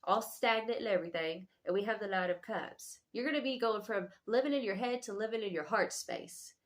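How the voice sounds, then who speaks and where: A woman's voice: medium pitch, a little fast. Slangy, affectionate woman tarot reader. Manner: slangy, affectionate, calls listener boo-boo, swears freely. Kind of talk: casual tarot reading to viewers.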